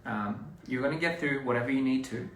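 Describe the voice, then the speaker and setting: A young man chatting casually with viewers on a livestream, relaxed and halting, with lots of fillers and restarts. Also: mid-range voice. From Australia. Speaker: livestream host. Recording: roomy echo, distant mic, faint noise.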